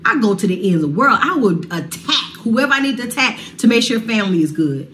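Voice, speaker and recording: Talking fast in a slightly high, very animated and somewhat bright voice, a singer tells her side of a family feud. It is an emotional sit-down talk, heartfelt and casual, with a little hiss or hum in the recording.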